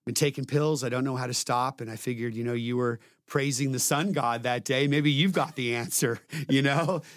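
A man telling a personal story in casual conversation, frank and profane, with dark humor. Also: medium pitch, normal speed, no echo, clean studio sound.

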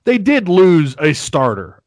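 A man's voice: a little high, huge pitch swings, slow, darkish tone, dry recording, poor audio. A man from Arkansas with a light Southern accent, hosting a casual sports podcast, rambling and laughing often. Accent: Northwest Arkansas Southern. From Fayetteville, Arkansas. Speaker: podcast host.

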